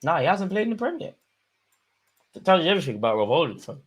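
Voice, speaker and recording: A young man, commentating live on a football match for his viewers and shouting at the screen. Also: a little high, quick pace, slightly rough. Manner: excitable, swings from muttering to shouting at the screen. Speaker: football watchalong host. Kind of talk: live watchalong commentary, casual.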